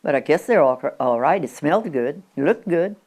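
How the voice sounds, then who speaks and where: Low-voiced woman in her nineties. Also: animated, moderate pace, a little mellow. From Oregon, USA. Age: 90s. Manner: chatty, with frequent restarts and stumbles. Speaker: interviewee. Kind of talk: rambling reminiscing. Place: at her country home.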